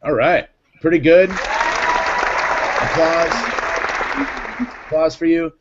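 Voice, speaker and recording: Guy hosting a live panel, jokey and rambly, kinda high voice, muffled lo-fi audio. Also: takes it slowly, a loud crowd, heavy background noise. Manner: joking, rambling. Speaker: host. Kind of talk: casual live panel chat.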